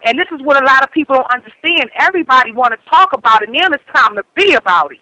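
Philly woman, high sharp voice, fired up, pushing folks to stand together. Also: animated, fast, dry recording, low-quality recording. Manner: urgent, rallying, rhetorical questions. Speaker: community member speaking out. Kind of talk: impassioned public speech.

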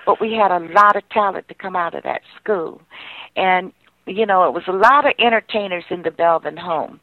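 A woman's voice: on the low side, moderate pace, dry recording. An older woman, a singer and pianist, telling heartfelt, rambling stories from her past in a radio interview. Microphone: phone line. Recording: tinny dry phone line.

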